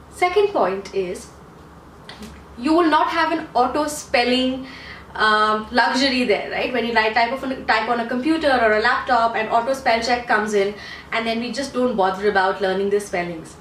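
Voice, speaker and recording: A woman's voice: on the high side, moderate pace, fairly bright tone, slight background noise. A woman coaching for an English test in a chatty teaching monologue, repeating points and asking rhetorical questions, English not her first language. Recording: echoey room, mic at a distance.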